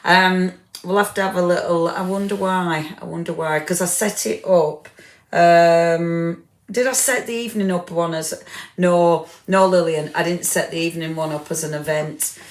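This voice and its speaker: A woman's voice: on the low side, steady tone, moderate pace. Tired, chatty woman greeting viewers. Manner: chatty, warm greetings, many fillers, self-deprecating. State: tired, full after dinner. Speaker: livestream craft host. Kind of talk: casual live-stream chat greeting viewers. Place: home craft room. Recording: echoey room.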